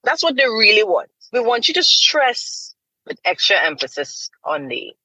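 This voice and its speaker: A woman's voice: a little high, moderate pace, no room sound, poor audio. A middle-aged woman, a voice artist, chatting animatedly and wryly about her work in an interview. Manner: animated, wry storytelling with quoted asides. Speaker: voice artist guest. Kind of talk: casual interview talk.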